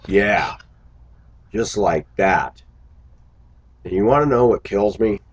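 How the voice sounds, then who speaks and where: A man's voice: on the low side, slow, slightly rough, dull audio. A man talking to his viewers in a casual vlog monologue, musing aloud and breaking into exclamations. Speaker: vlogger.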